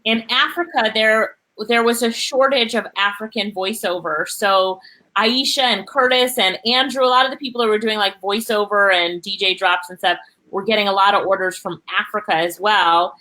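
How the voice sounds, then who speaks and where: Bright-voiced Jamaican woman hosting. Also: mid-range voice, moderate pace, rough recording. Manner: lively, chatty, laughs often. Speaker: host. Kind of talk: live online interview, reading viewer comments.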